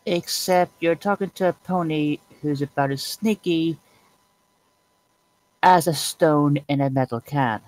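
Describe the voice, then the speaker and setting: Calm, earnest man playing a tabletop game. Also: fairly high pitch, measured pace, rough recording. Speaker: player. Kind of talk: tabletop role-play.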